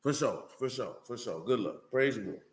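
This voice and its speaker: A man's voice: mid-range voice, expressive, moderate pace, echoey room. A man giving an informal, streetwise sermon as a religious teacher, blunt and emphatic, full of slang.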